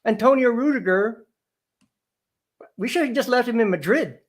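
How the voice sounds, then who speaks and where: A man's voice: very high-pitched, animated, normal speed. A man as a guest fan on a call, talking in a deflated, hesitant way with many fillers after a match. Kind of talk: casual post-match chat.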